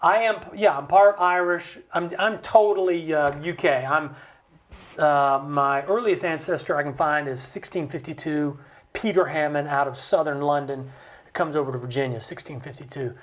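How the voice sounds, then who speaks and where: A man speaking as a studio guest, explaining with passion, in an animated way with jokey asides. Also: on the high side, moderate pace. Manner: animated, acts out quoted voices, jokey asides. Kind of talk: impassioned conversational explanation. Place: recording studio.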